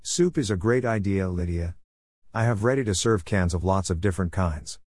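A man's voice: low voice, expressive, normal speed, a little mellow, no echo, clean studio sound. A man reading a story, voicing a patient but firm grandmother on a camping trip.

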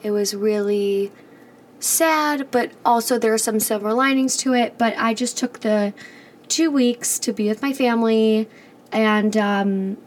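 Fairly high-voiced young woman co-host. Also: fairly even intonation, measured pace. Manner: hesitant, many "um" and restarts, soft-spoken. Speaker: podcast co-host. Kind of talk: casual podcast chat.

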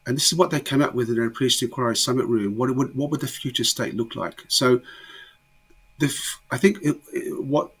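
Husky emphatic man. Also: medium pitch, brisk, a bit bright. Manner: emphatic, repeats words as he restarts. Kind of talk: conversational interview.

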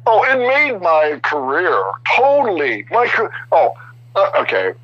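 A man's voice: high voice, measured pace, dry recording, muffled recording. Older man telling rambling career stories. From Chicago area. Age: 60s. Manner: rambling, animated, many restarts. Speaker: guest artist. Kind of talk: casual storytelling interview.

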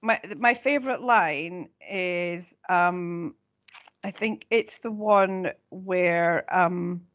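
A woman's voice: fairly low pitch, extremely slow, muffled recording. A woman co-hosting a podcast, chatting casually and animatedly quoting lines. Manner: animated, quotes lines with relish. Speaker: podcast co-host. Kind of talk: casual chat.

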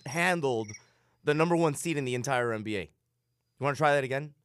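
A man's voice: mid-range voice, a little fast, a bit bright, clear, resonant tone, dry recording, clean studio sound. Brash man co-hosting sports banter. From United States. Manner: brash, boastful sports fan. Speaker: radio co-host. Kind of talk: casual morning radio banter.

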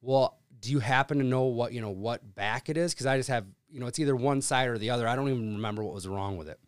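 A man casually telling a profane, animated story from his workday. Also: medium pitch, fast, smooth, no echo, clean studio sound.

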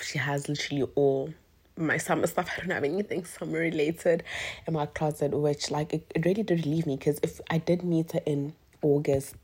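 A young woman chats through her own podcast episode in a notably low voice. She is giddy and rambling, with plenty of "like" and loose asides. The talk is relaxed and unscripted. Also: slightly rough. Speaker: podcast host. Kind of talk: casual podcast chat.

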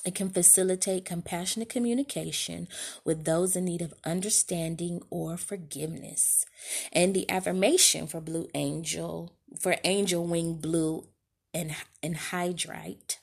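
Husky low-voiced woman talking casually. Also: fairly even intonation, measured pace. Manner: candid, slangy and conversational, addressing listeners directly. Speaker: podcast host. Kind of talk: casual heartfelt monologue.

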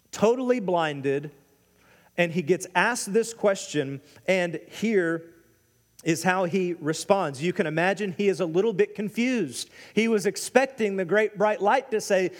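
A man preaching a sermon as pastor, animated, acting out quoted lines with big jumps in his voice. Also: sits high, unhurried, in a large hall.

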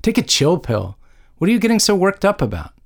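A man's voice: mid-range voice, big pitch swings, slow pace, creaky, slightly rough, full character voice. A man reading an audiobook, voicing a laid-back young college boyfriend who talks in a casual, dismissive way.

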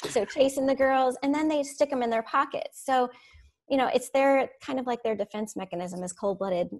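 A woman teacher telling classroom stories in a casual, animated way, laughing as she goes. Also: high voice, normal speed. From Florida. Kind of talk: casual storytelling on a podcast.

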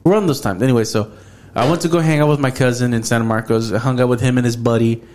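A man's voice: mid-range voice, steady tone, quick pace, a little mellow. A man hosting a podcast in casual chat, telling stories loosely and swearing often. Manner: loose storytelling full of profanity and "bro". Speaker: podcast host.

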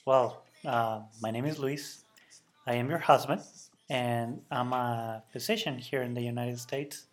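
A man's voice: mid-range voice, steady tone, measured pace. Earnest Mexican-accented man in his thirties. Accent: Mexican Spanish. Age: 30s. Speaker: guest.

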